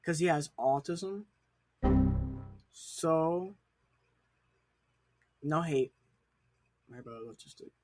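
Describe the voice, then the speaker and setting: A teenage boy chatting casually and telling a rambling story in a soft, mumbled way. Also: a little high, animated, slow pace, pauses often, faint music behind. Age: teens. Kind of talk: casual chat.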